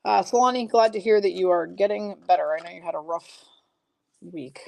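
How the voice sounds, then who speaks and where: A woman hosts a casual live hockey card break, chatting with viewers and reading out pulls, card names and their comments. Her lowish voice is gravelly, a little mellow and a little fast, with a slight hiss or hum in the audio.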